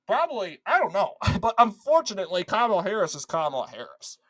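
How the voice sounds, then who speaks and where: A woman delivers opinionated political commentary, her pitch leaping up and down as she presses each point. She sounds sarcastic and emphatic, often repeating a line to drive it home. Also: big pitch swings, fast, a bit bright, low-quality recording.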